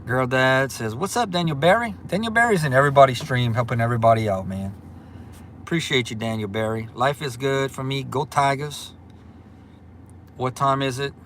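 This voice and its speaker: A man's voice: medium pitch, animated, a little fast, a bit bright, slight background noise. A man hosting a casual livestream, chatty and upbeat as he reads viewer comments and greets people by name. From Louisiana. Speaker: livestream host.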